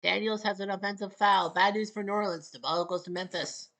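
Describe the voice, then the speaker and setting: A woman from Canada gives casual solo play-by-play of a basketball video game. She speaks in short, clipped calls and adds wry asides. Her voice sits in an ordinary middle pitch for a woman. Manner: clipped, rapid calls, wry asides, rising excitement near the end. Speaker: play-by-play commentator.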